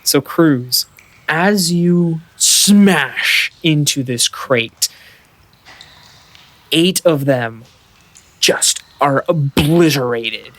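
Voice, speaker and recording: A man narrating a tabletop game as game master, describing scenes in a halting way with lots of fillers. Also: a little high, a bit bright, dry recording.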